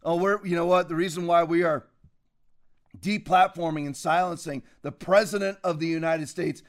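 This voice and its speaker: A man with a high-pitched voice delivering fiery, preachy political commentary. He rants with sudden loud bursts and heated conviction. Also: normal speed. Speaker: commentary show host.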